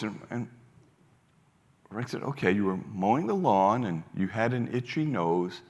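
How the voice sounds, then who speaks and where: A man's voice: lowish voice, expressive, measured pace. Older man telling a story on stage. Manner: warm storyteller acting out dialogue, many restarts. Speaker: foundation leader giving a keynote. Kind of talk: storytelling keynote speech. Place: large hall on stage. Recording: long hall reverb.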